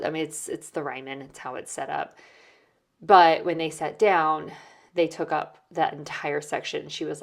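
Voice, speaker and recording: Low-voiced woman chatting casually. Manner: chatty, many "like" and "um" fillers. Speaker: podcast host. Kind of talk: casual storytelling recap.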